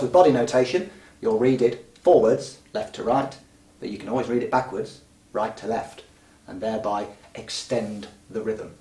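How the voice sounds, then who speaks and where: A man's voice: medium pitch, darkish tone. Patient male music teacher in a roomy space. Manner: patient, clear step-by-step explaining. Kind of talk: instructional explanation. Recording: roomy sound from a distant mic.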